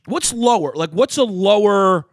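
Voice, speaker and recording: A man's voice: high voice, animated, measured pace, dry recording, studio quality. A man hosting a podcast in casual chat, ranting and repeating himself, with lots of "yeah". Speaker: podcast host.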